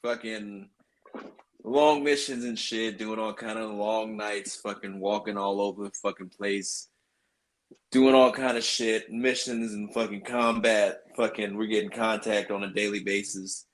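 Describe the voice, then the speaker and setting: A man casually telling a crude army story on a podcast, swearing constantly and animated. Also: fairly low pitch, unhurried. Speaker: podcast host.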